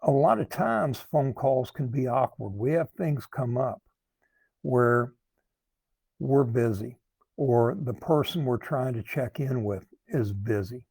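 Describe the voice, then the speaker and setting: An earnest man talks as a recovery coach, taking his time and restarting phrases as he thinks. His voice is mellow and gravelly with a husky edge. The sound is dry and close. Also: mid-range voice, no echo. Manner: slow, earnest, repeats words while thinking. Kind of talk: talking to camera, advice monologue.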